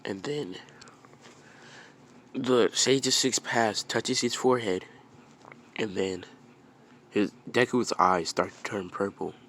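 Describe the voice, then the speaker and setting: Man, casual fan story narration, rambling, deep voice, unhurried. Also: a bit bright, slight background noise.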